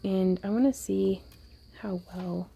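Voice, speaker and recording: A woman hosting a wire-wrapping jewelry tutorial, thinking aloud casually as she works, with playful little sound effects and soft asides. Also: medium pitch, takes it slowly, creaky, lo-fi sound, a little hiss or hum. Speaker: jewelry-making tutorial host. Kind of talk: casual crafting tutorial narration.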